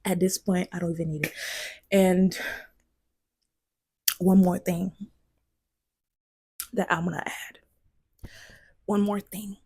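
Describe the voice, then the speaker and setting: Husky, passionate woman vlogger. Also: fairly low pitch, steady tone, takes it slowly, long pauses, mellow. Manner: passionate, emphatic, drops to near whispers for emphasis. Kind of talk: casual commentary to camera.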